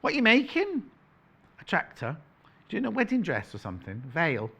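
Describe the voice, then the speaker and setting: A man's voice: sits high, huge pitch swings, moderate pace, gravelly, sharp tone, a little hiss or hum. A man presenting on a shopping channel, chatting playfully in live sales patter, correcting himself and reading out prices as he goes.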